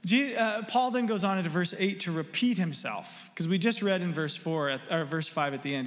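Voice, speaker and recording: A man preaching a sermon as pastor, earnest and repeating his words, with soft asides. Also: high-pitched, moderate pace, hardly any pauses, long reverb tail. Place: church.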